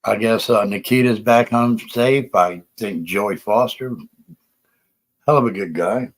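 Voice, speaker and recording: A low-voiced man hosts a casual live stream, talking in a rambling, profane, defensive way. He sounds out of breath. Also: a little slow. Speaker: livestream host.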